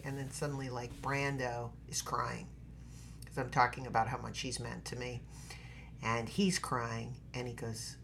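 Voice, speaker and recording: A middle-aged woman with a low voice tells a story to a podcast host. She acts out each quote with drama and swings in loudness. Soft background noise sits under her voice. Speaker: guest, actress. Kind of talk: animated storytelling in a podcast interview.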